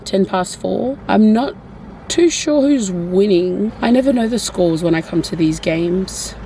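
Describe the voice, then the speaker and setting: A woman's voice: mid-range voice, animated, measured pace, mellow, slight background noise. A woman with an Australian accent chatting casually in a car for her vlog, giggly and teasing, a little sick with a cough. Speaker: vlogger. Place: in a parked car.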